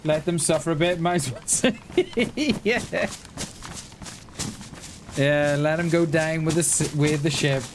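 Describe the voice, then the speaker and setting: A man's voice: on the high side, takes it slowly, long pauses, background noise. A man chatting casually while live-streaming a survival game, thinking aloud with lots of restarts and little chuckles.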